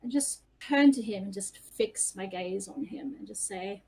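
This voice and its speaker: A woman player chats through her character's moves in a self-deprecating way. Her voice sits at a middle pitch. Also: unhurried, gravelly, a little mellow, breathy edge, poor audio. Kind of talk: tabletop game play.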